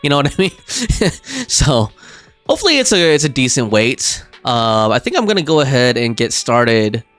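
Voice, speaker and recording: A man's voice: medium pitch, sing-song, normal speed, fairly bright tone, soft background music. A young man streaming a game live, chatting casually and rambling with fillers and restarts.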